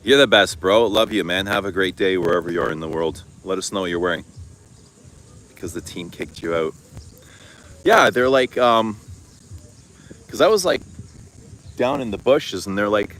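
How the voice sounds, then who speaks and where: A middle-aged Canadian fragrance vlogger chats casually with viewers about perfume on a livestream, answering comments and telling animated stories full of swearing and laughter. He has a low voice, a moderate pace and long pauses, in a low-quality recording.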